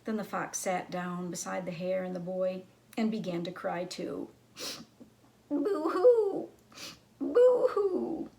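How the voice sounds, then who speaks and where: A woman librarian reading a children's story aloud in an expressive, teacherly way. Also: lowish voice, moderate pace, gravelly.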